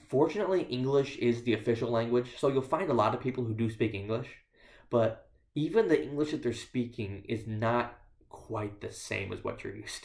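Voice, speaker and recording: A man speaking as a visiting missionary in church, telling stories with dry, self-deprecating humor. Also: medium pitch. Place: church sanctuary. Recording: echoey church room.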